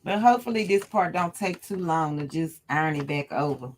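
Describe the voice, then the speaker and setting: Her voice is low, expressive and fairly quick. She hosts a sewing tutorial on a casual livestream, talking to her live chat in a chatty way and laughing often.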